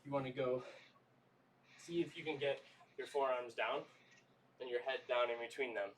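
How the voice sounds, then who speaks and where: A man leading a livestream workout, coaching stretches in a relaxed, chatty way. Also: medium pitch, normal speed, far from the mic, slight background noise. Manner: easygoing, coaching with lots of "y'all" and "okay?". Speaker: fitness trainer.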